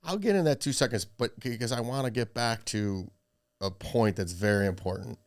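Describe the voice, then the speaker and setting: A man's voice: medium pitch, moderate pace, no room sound, studio quality. A man hosting a podcast who presses his guest with questions and urges listeners to take notes. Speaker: podcast host. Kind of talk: interview.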